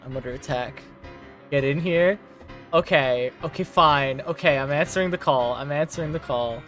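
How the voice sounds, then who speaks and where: A man's voice: fairly high pitch, normal speed, fairly bright tone, soft background music. A man streaming a game, bantering with playful indignation.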